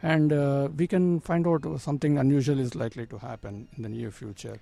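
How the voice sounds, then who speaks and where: A man in his fifties, an astrologer, answering interview questions earnestly with plain phrasing and frequent pauses and fillers. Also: mid-range voice, steady tone, vocal fry, mellow, no room sound. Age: 50s.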